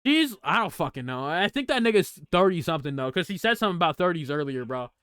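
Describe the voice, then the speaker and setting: A man hosting a gaming channel, reacting to a story game with excitable, profane, slang-heavy rants. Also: on the high side, fast, clean tone, dry recording. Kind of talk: casual let's play reaction commentary.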